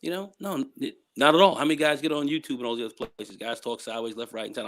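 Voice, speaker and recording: A man's voice: medium pitch, steady tone, rapid-fire, fairly bright tone. Rambling male guest with many "you know"s. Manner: rambling, repeats "you know", acts out quoted people. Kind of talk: casual discussion.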